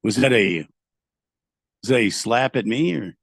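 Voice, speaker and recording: Male sports radio host, gravelly, rambling, self-deprecating; close dry studio sound. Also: mid-range voice, lively intonation, unhurried, fairly bright tone, no echo. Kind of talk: casual radio banter.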